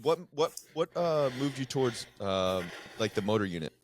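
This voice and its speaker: A man who hosts a podcast and works as a police officer, chatting casually and sharing his own stories at an unhurried pace. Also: mid-range voice, animated, slight background noise. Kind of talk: casual interview chat.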